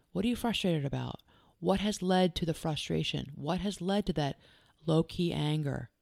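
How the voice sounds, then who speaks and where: A woman's voice: low-pitched, normal speed, creaky, few pauses, darkish tone, no echo, studio quality. A woman who works as a life coach and hosts a podcast. She talks earnestly and directly, firing off strings of probing questions and repeating key phrases for emphasis.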